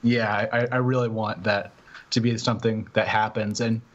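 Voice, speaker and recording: A man talking in a halting way full of fillers during a casual podcast chat about making a game. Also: fairly low pitch, little pitch movement, muffled recording, slight background noise. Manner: halting, filler-heavy, uses like a lot.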